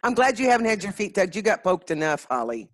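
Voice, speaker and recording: A woman's voice: medium pitch, sing-song, fast talker, no echo, studio quality. A woman hosting a casual interview, reacting with laughs and murmurs of agreement. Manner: warm encouraging listener, frequent laughs and murmurs of agreement. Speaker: host.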